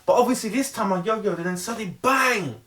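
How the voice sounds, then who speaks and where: A middle-aged man with a high-pitched voice speaks in an earnest, pleading way. He hammers home points through heavy repetition and often trips over the start of a phrase before pushing on. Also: a bit bright. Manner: earnest, emphatic, heavily repetitive; halting restarts. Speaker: vlogger. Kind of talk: motivational monologue.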